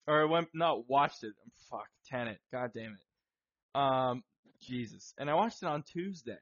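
A man co-hosting a podcast in casual chat, excitable, swearing and laughing a lot. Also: mid-range voice, unhurried. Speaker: podcast co-host. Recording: dull lo-fi sound.

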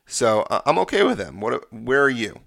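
A man's voice: mid-range voice, big pitch swings, normal speed, gravelly, a bit bright, no room sound, studio quality. A man hosting a sports podcast, confidently breaking down games and stats in casual talk. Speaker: podcast host.

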